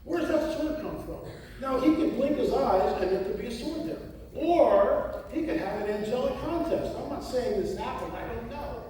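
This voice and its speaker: A man's voice: very high-pitched, normal speed, few pauses, a little hiss or hum. Guy giving a talk, lots of "why not?" questions, really echoey far-off hall sound. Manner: animated, rhetorical questions. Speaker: conference speaker. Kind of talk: lecture to a live audience.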